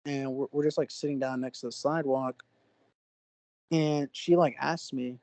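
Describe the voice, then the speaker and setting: A young man from Oklahoma, a podcast co-host, telling a story in an animated, excitable way with sudden jumps in pitch. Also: normal speed, no room sound, low-quality recording. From Oklahoma, USA. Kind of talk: casual storytelling.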